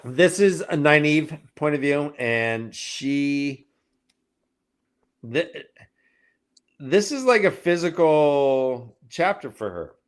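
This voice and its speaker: A man's voice: a little high, animated, slow, long pauses, clean tone. A man summarizes a book chapter for his co-hosts in a casual, meandering way. He trails off, restarts and fills gaps as he goes. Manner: rambling recap with filler words and trailing off. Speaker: podcast co-host summarizing chapters.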